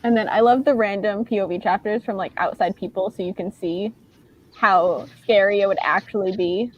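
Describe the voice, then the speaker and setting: A woman's voice: mid-range voice, fairly even intonation, normal speed, highs cut off. A woman with a New England accent co-hosting a casual book discussion, giggly and full of fillers. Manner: giggly, uses lots of fillers. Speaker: podcast co-host.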